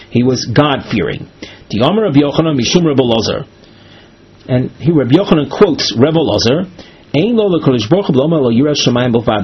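A man's voice: a little high, slightly rough. A man teaching a text lesson in a methodical, explanatory way, reading each line and then translating it. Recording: dull lo-fi recording.

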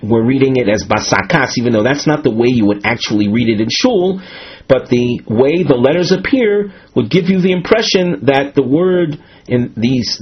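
Husky man teaching a methodical lesson. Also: mid-range voice, lo-fi sound. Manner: methodical, with frequent restarts and Hebrew terms. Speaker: Talmud teacher. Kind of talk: explanatory study lesson.

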